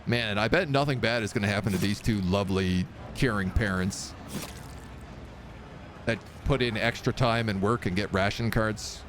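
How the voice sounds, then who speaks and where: A man's voice: on the low side, moderate pace, a bit bright, a little hiss or hum. A man streaming a video game, giving casual, jokey commentary with playful asides.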